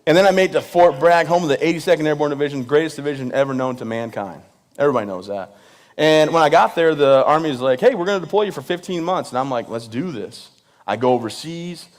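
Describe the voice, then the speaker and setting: A man's voice: fairly high pitch, quick pace. A man in his thirties, a veteran guest speaker, telling funny stories to an audience and laughing at his own jokes. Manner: addresses the crowd directly and energetically. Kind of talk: humorous storytelling speech to an audience.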